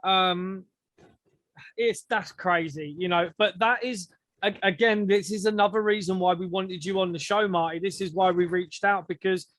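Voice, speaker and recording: A man's voice: high voice, fairly even intonation, moderate pace, a bit bright, dry recording. A man hosting a podcast interview, casual and agreeable, swearing now and then. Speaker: podcast host.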